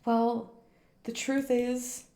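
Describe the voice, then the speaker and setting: A woman voicing a gentle, guilt-ridden teenage girl ghost from a game, in soft, confessional tones. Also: a little high, flat delivery, extremely slow, reverberant. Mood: sorrowful. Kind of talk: reading game dialogue aloud on stream.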